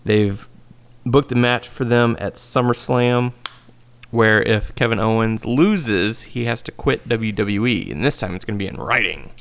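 A man hosting a podcast in casual chat. His voice sits low, with a gravelly crackle. He runs through a recap with plenty of filler words. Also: a bit bright. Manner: recaps wrestling news quickly with many fillers. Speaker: podcast host.

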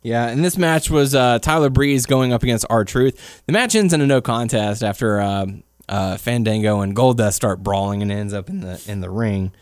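A man co-hosting a casual chat, recapping events in an animated way. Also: mid-range voice, normal speed, clean tone, no echo, clean studio sound. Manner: animated recapper who acts out quotes. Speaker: podcast co-host.

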